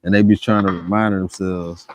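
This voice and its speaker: A man's voice: normal speed, slight background noise. A man talking casually in a reaction stream, full of street slang, acting out what others might say. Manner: animated, acts out quotes with rising pitch, lots of slang. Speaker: commentator.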